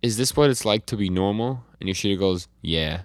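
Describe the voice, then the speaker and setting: A man's voice: lowish voice, expressive, fairly quick, no echo, studio quality. A man co-hosting a podcast, casually recapping comic chapters and reading out the dialogue with fillers and restarts. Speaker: podcast co-host.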